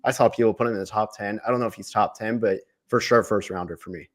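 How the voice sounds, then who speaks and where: A man with a somewhat low voice breaks down a basketball prospect in relaxed podcast conversation. His delivery is easygoing and chatty, with casual fillers throughout. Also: fast talker. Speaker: podcast co-host, draft analyst. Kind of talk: casual sports podcast talk.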